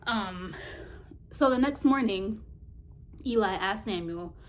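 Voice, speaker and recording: A woman's voice: medium pitch, slow. A woman casually retelling a Bible story in a Bible study vlog, colloquial and chatty, often laughing and searching for words.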